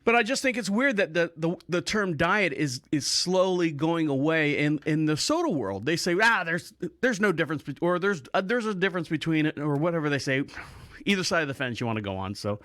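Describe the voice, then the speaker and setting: A man's voice: on the high side, animated, fairly quick, a bit bright, dry recording. Rambling, joking man host, dry close mic. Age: middle-aged. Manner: rambling, joking, laughs while telling stories. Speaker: podcast host. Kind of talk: casual storytelling monologue.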